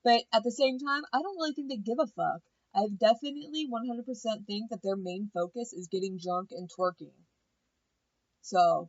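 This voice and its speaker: A woman's voice: medium pitch, no room sound, dull audio. A woman giving a blunt, profane, opinionated casual recap of a reality show.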